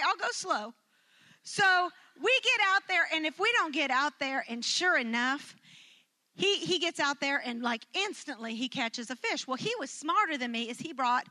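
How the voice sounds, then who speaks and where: A woman telling a funny personal story to an audience, animated and laughing as she acts out what everyone said. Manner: animated, acts out quotes with big jumps in pitch; laughs through her own story. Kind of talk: storytelling talk to a live audience.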